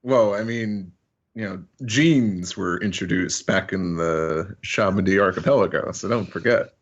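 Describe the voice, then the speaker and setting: A man's voice: deep voice, a little slow, dull audio. A man co-hosting a podcast, making dry, teasing wisecracks in casual chat. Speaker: podcast co-host.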